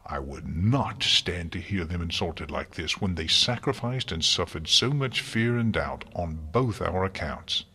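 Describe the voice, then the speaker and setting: A man's voice: low-pitched, animated, a little slow, hardly any pauses, pushed and bright, breathy edge, heavily acted. A man voicing a defiant young mare scholar who speaks in a cold, snarling fury, in an audiobook reading. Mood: furious.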